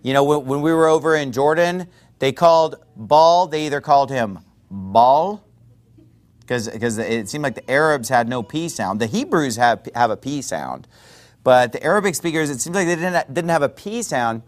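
A man preaching a sermon in a conversational, digressive way with quick rhetorical asides. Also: mid-range voice, animated.

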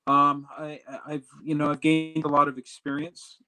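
A man's voice: fairly high pitch, little pitch movement, normal speed, bright, forceful tone, soft background music. A man, a pastor, telling a long story as an interview guest, rambling with many fillers and restarts. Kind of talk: casual storytelling.

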